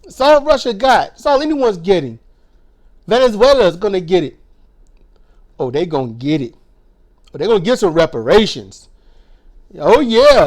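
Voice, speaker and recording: A man in his forties ranting a profane, sarcastic political monologue, his voice strained and hoarse, mocking others in put-on voices. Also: high-pitched, big pitch swings, normal speed, pauses often, a little mellow. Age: 40s. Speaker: political commentary vlogger.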